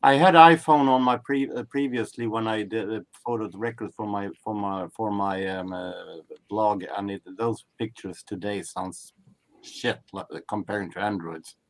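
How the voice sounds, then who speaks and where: Male guest, lowish voice, halting casual talk. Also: steady tone. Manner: halting, searching for words. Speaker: chat guest. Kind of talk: casual chat.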